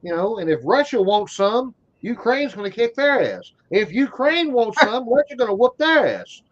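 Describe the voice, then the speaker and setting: A man in his thirties co-hosting a casual livestream talk show, loud and joking with heavy swearing and Southern slang like y'all. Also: extremely high pitch, animated, moderate pace. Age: 30s. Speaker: co-host. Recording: dull lo-fi stream audio.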